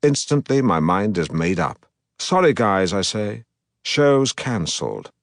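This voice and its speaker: A pompous middle-aged broadcaster telling his own story in an audiobook, deadpan and self-important. The voice sits low. The sound is dry and close, with no room around it. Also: a little slow, dry recording. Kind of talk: audiobook narration.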